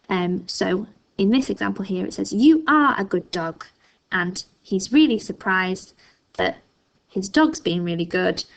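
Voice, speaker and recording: A woman primary school teacher reading a story aloud expressively, then explaining a writing task gently to her class. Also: mid-range voice, gravelly.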